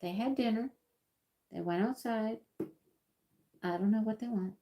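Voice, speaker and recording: Woman, livestream host, slow talker, mellow tone, rambling casual chat, repeats her words, crafting at home. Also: fairly high pitch. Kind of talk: casual live-stream chat while crafting.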